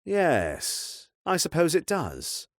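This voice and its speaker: A man's voice: fairly high pitch, huge pitch swings, slow, no echo, clean studio sound, pitched above the performer's own voice, exaggerated voice. A man voicing a determined young templar who asks intent, earnest questions.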